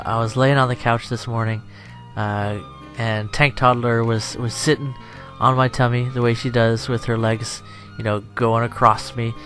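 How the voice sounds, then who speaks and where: A man's voice: medium pitch, a bit bright. A tired young man chatting over gameplay as a channel host, rambling and self-deprecating, laughing often.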